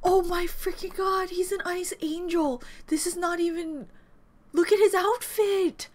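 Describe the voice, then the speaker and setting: This young reaction vlogger has a very high voice, a steady tone, and an unhurried pace. She gushes in excited commentary, breaking off mid-word and repeating exclamations, as faint music from the video plays.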